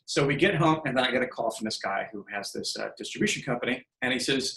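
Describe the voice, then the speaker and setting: This man talks fast in a creaky, mid-range voice, and the poor audio is reverberant. He's in his fifties, guesting on a podcast, telling casual stories and animatedly playing out the quoted dialogue.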